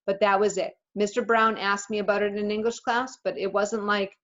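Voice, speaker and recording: A woman teacher reading a children's novel aloud to her class in a steady storytelling voice. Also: mid-range voice, moderate pace. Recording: slightly muffled recording.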